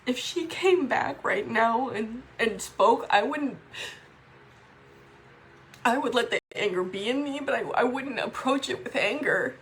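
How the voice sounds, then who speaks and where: A woman talking to camera in a raw, emotional vlog, upset and swearing, with halting restarts. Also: a little high, lively intonation, a little hiss or hum. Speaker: vlogger.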